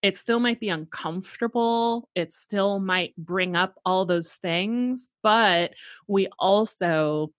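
A woman's voice: mid-range voice, slow pace, no echo, studio quality. A woman hosting a podcast, talking things through in a reflective, casual way with lots of "like". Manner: reflective, thinking aloud with frequent "like". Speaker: podcast host. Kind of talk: casual conversational interview.

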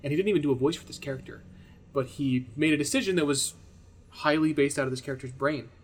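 A man co-hosting a casual podcast chat, who runs his own games and argues his points in a measured, dry way. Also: on the high side, slight background noise. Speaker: podcast co-host, game master.

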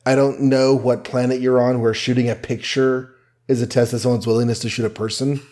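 A man's voice: mid-range voice, little pitch movement, fairly quick, mellow. Hesitant man chatting about comics. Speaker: podcast co-host. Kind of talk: casual chat.

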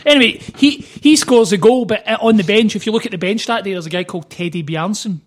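A man, an author guest on a podcast, telling stories in a fast, animated way. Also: high voice. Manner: fast, animated storytelling with quoted voices. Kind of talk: casual podcast chat.

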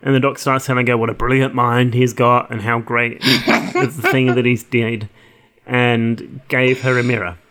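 A man's voice: mid-range voice, little pitch movement, unhurried, a bit bright. A young man, co-host of a podcast, chatting casually and rambling through an episode recap with lots of laughter and self-mockery. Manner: giggly, rambling, self-mocking.

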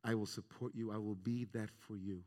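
A man's voice: on the low side, steady tone, normal speed, mellow, natural voice. A man voicing a tender, wise biblical woman in a reverberant hall. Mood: tender, reassuring. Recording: long reverb of a large hall.

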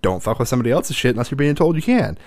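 A man's voice: mid-range voice, big pitch swings, racing, darkish tone, dry recording, studio quality. A man in his thirties chatting casually on a podcast, telling a rambling, profane story.

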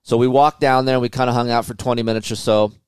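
A man hosting a motocross podcast, telling stories in a casual, animated way and swearing often. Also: medium pitch, quick pace, smooth, no room sound, studio quality. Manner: profane, animated storytelling. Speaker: podcast host, motocross test rider. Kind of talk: casual chat.

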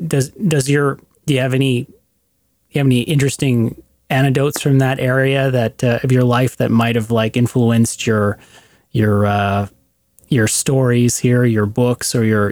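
A man's voice: medium pitch, steady tone, measured pace, darkish tone, no echo, clean studio sound. A man hosting a casual interview, asking rambling questions full of fillers. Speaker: podcast host.

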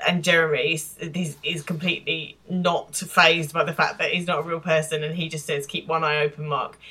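A woman co-hosting a podcast, recapping a TV episode and telling her own stories in an animated way. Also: sits low. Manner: animated storytelling, laughs often. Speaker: podcast co-host. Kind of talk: casual chat recapping a TV episode.

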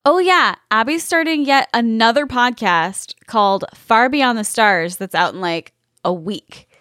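Podcast co-host, woman, gushing and giggly, a little high-pitched, recorded dry and close. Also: unhurried, no echo. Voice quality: laughs often, gushing and animated. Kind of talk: casual chat.

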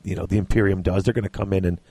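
A man's voice: low voice, steady tone, racing, dark tone, husky. A man co-hosting a podcast, chatting casually about a novel and reading passages aloud, laughing often. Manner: laughs often, enthusiastic, reads excerpts aloud. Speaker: podcast co-host. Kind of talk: casual book discussion with read-aloud passages.

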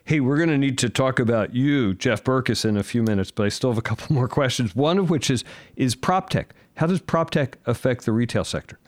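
A man's voice: mid-range voice, animated, a little fast, no room sound. A man hosting a real estate podcast, asking questions in a conversational way with friendly asides. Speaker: podcast host. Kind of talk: podcast interview.

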